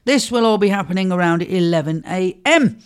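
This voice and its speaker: A man's voice: high-pitched, expressive, a little fast, clear, resonant tone. A man with a Northern English accent, presenting a radio show in a cheerful, chatty way, with asides to listeners. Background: faint music.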